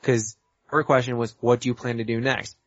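A talkative man at a tabletop role-play session works through his options out loud. His voice sits mid-range and comes across dry, with slightly dull, lo-fi audio. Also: mid-range voice, little pitch movement, normal speed, no echo. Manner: talkative, thinks aloud and plans. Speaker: player.

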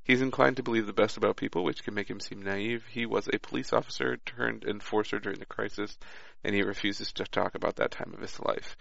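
A man's voice: on the low side, fairly even intonation, brisk, gravelly, hardly any pauses, fairly bright tone, no room sound, highs cut off. A man chatting about a tabletop game and reading his character notes aloud, with small stumbles.

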